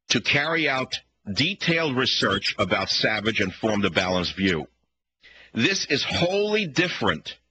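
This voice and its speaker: A man's voice: mid-range voice, bright, forceful tone, a little hiss or hum, poor audio. A man with a Bronx New York accent hosting a talk radio show, ranting combatively and firing off rhetorical questions.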